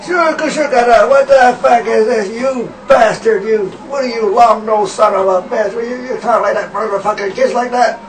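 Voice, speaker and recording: A man's voice: very high voice, normal speed, few pauses. A man playing a belligerent parent who hurls crude insults at a teacher in an improvised comedy sketch. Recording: echoey, distant, noisy amateur recording.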